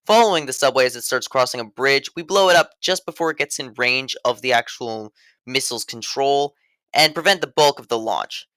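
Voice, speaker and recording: A man delivers scripted review commentary with dry sarcasm and a mock-serious tone. His voice is bright and forceful. It sits close and dry, with no room around it. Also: mid-range voice, a little fast, dry recording. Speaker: video game reviewer.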